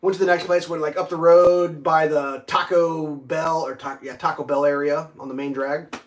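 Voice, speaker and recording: A man's voice: on the high side, flat delivery, moderate pace. A man telling a rambling, profane story on a casual livestream, full of fillers and restarts. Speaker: livestream host.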